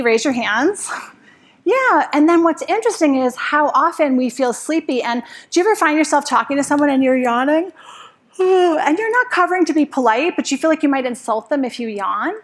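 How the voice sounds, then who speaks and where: Woman, middle-aged, slightly high voice, conference talk, storytelling, questions to the audience. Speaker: speaker giving a talk.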